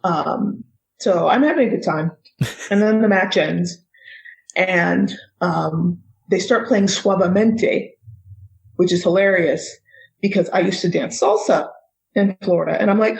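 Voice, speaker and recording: Gravelly-voiced woman telling a story. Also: lowish voice, measured pace, low-quality recording. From United States. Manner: animated, laughs often while telling the story. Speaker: guest author. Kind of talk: casual storytelling.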